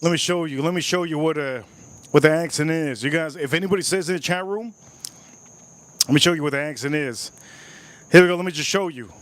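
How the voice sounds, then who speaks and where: A man's voice: on the high side, brisk, pauses often, fairly bright tone. A man hosting a live stream, reviewing whiskey and cooking, enthusiastic, repeating phrases and talking to his chat. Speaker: livestream host.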